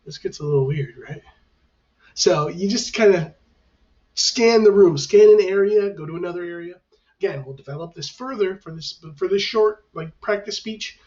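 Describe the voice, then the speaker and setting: A man's voice: sits high, normal speed, darkish tone. A male teacher giving instructions to his class on camera in a reassuring, conversational way. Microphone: camera facing the speaker. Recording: dull, lo-fi, mic at a distance.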